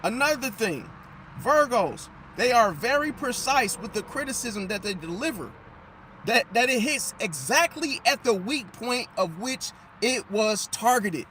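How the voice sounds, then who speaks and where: A man giving an animated, emphatic astrology monologue and losing his voice. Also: very high-pitched, unhurried, a little hiss or hum. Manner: animated, emphatic, repeats "see?"; drops into mocking impressions of others. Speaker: astrology commentator. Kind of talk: casual monologue.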